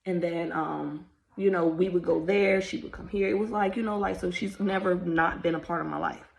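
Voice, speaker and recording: A woman's voice: on the low side, fairly even intonation, normal speed, gravelly. A woman in her thirties telling a family story on her vlog, emotional and rambling, fighting back tears and apologizing as she goes. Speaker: vlogger. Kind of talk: casual storytime.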